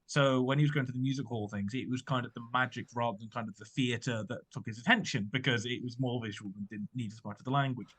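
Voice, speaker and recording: A man's voice: mid-range voice, steady tone, fast talker, hardly any pauses, fairly bright tone. Hesitant man chatting casually. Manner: hesitant, many fillers and restarts. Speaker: podcast host presenting research. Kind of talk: casual chat.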